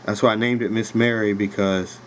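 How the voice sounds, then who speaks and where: A man's voice: lowish voice, little pitch movement, brisk, a little hiss or hum, poor audio. A man in his thirties with a Virginia accent, hosting a podcast and telling a story in a loose, rambling way with lots of fillers. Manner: laid-back rambling with fillers and laughs. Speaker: podcast host. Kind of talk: casual storytelling. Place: home room with a dog nearby.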